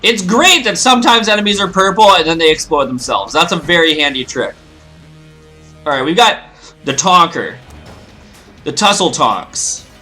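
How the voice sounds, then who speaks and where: A man's voice: on the high side, lively intonation, normal speed, long pauses, bright, forceful tone, faint music behind. A man giving casual, rambling, joking commentary as he plays a video game. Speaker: let's play host.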